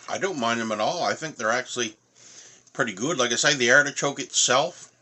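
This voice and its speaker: A man's voice: mid-range voice, bright, forceful tone. A middle-aged man from Nova Scotia with an Atlantic Canadian accent, chatting casually through a food tasting review with lots of fillers. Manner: rambling, many fillers, talks while eating.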